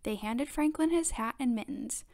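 A woman reads a children's picture book aloud in clear, expressive storytelling. Her voice sits a little high. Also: moderate pace.

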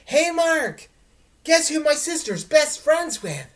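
A woman voicing an excitable ten-year-old boy in a storybook reading, breathless and gushing. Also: medium pitch, unhurried, voice pushed up. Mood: excited.

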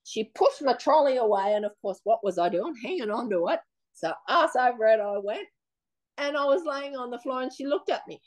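A woman with an Australian accent, telling her own story in a blunt, animated, plain-spoken way during an interview. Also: fairly high pitch, brisk. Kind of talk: casual personal storytelling.

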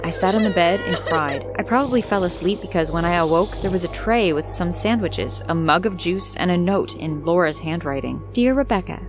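Expressive young woman telling her story. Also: on the low side, normal speed, hardly any pauses. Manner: expressive, acting out her own lines. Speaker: narrator. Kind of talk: first-person story narration. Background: background music.

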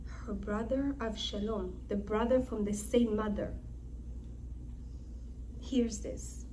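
A woman's voice: mid-range voice, steady tone, slow, mellow, a little hiss or hum, rough recording. A young woman teaching a scripture lesson through dramatic storytelling, acting out the quoted lines with emphasis. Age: young adult. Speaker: Torah teacher.

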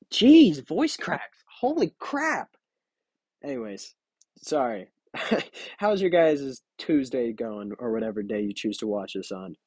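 A man's voice: fairly low pitch, a little mellow, slightly rough, no room sound, studio quality. A tired young man giving casual, giggly, self-mocking commentary while playing a mobile game. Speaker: gaming video creator.

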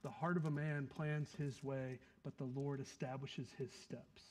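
A man preaching a sermon, swinging between loud emphasis and quiet asides and acting out quick quotes. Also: mid-range voice, little pitch movement. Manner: plays out the scene with quick acted quotes. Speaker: pastor.

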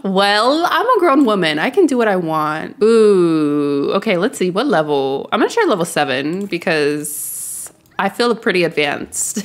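A young woman narrating her game in casual commentary, with a fairly high voice that swoops up and down. She talks straight to her viewers in an animated way and laughs often. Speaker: let's play host.

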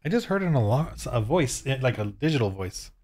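A man's voice: mid-range voice, very animated, fairly quick, a little mellow. A man running a tabletop game as game master over a video call, rambling with many fillers and frequent laughs.

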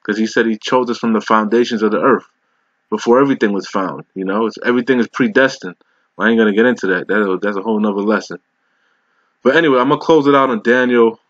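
Profane scolding preacher, muffled dry audio. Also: male voice, on the low side, dry recording. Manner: harsh, profane, scolding, slows to read verses. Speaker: street preacher. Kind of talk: confrontational sermon with scripture reading.

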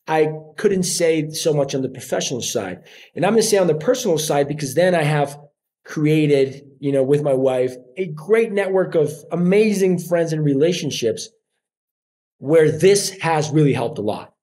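A man in his forties speaks English with a Colombian Spanish accent, his voice sitting a little higher than most men's. He tells stories in a relaxed interview, often slipping into quoted voices of other people. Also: normal speed. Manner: animated storyteller acting out quoted voices. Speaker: podcast guest, actor. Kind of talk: casual interview chat.

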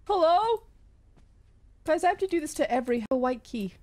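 A woman's voice: high-pitched, animated, normal speed, darkish tone. A woman streamer giving live gaming commentary, jumpy, yelping and repeating herself when scared.

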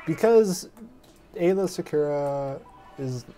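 Slow-talking teasing gamer. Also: mid-range voice, animated, mellow, soft background music. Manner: teasing, giggly, drawn-out. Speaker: gaming co-host. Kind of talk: casual let's-play chat.

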